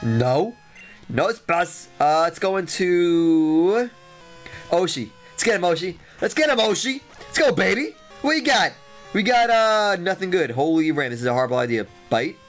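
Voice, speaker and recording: Excitable trash-talking young gamer. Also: male voice, high voice, moderate pace, faint music behind. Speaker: let's play host. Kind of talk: game commentary.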